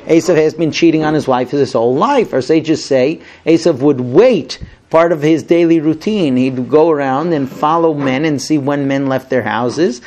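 A man teaching a Torah lesson, retelling the story in an animated way and voicing the people he quotes. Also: fairly high pitch, moderate pace, few pauses. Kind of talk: sermon-style Bible storytelling.

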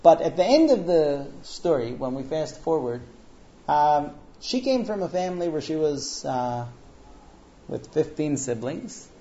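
Animated man telling a story in class. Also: fairly high pitch, measured pace. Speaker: Talmud teacher. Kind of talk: storytelling lecture. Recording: dull lo-fi recording.

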